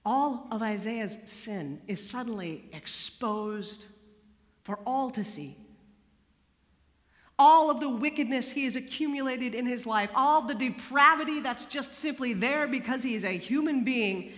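Woman preaching, fairly high bright voice, hushed then emphatic, big echoey hall. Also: a little slow. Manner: expressive, swings from hushed to emphatic. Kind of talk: sermon. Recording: long hall reverb.

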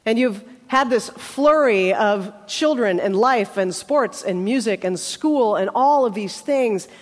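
Woman preacher: high voice, conversational sermon with dramatic pauses, long hall reverb. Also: expressive.

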